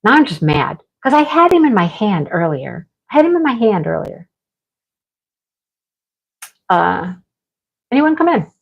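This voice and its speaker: A woman's voice: mid-range voice, sing-song, unhurried, vocal fry, long pauses. A middle-aged woman livestreaming from home, chatting casually and rambling through a story with scolding asides. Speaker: livestream host. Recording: slightly dull lo-fi sound.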